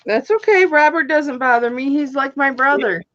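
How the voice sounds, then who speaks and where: A woman's voice: high voice, moderate pace, a bit bright, lo-fi sound. A woman hosting a live online jewelry auction, chatting casually and calling out bidders by name as she counts down the bids. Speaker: auction host.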